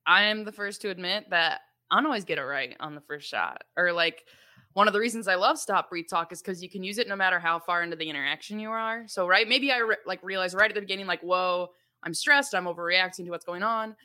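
A woman's voice: medium pitch, fast talker, pushed and bright. A young adult woman co-hosting a parenting podcast, explaining things in a chatty, casual way with frequent laughs and fillers. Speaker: podcast co-host.

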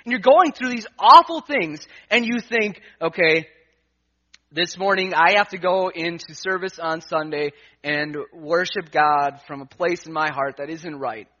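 A man preaching a sermon, telling a personal story and acting out his own thoughts, swinging between hushed asides and emphatic lines. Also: fairly high pitch, a little slow. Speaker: pastor. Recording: dull lo-fi sound.

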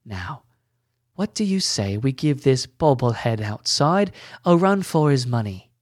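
A man's voice: mid-range voice, sing-song, measured pace, no echo. Storybook elf general, male, bossy and boisterous, barking orders in a dry, close sound, as a man reads him. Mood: playful. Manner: commanding, teasing.

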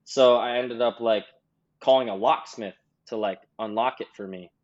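A young man in his twenties, a podcast guest, telling a long story in loose, rambling chat full of fillers. His voice sits at an ordinary middle pitch. The recording sounds slightly dull and lo-fi. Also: steady tone, normal speed. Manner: rambling, heavy on "like".

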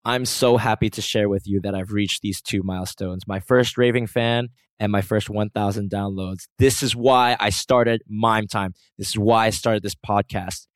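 Low-voiced man hosting a solo podcast. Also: fairly even intonation, moderate pace, hardly any pauses, no echo. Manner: self-mocking, playful and earnest in turns. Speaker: podcast host. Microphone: close podcast mic.

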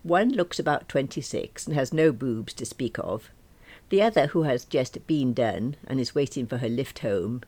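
A woman in her late forties reading a first-person story aloud with wry, dry humour. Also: a bass voice. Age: late 40s. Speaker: narrator.

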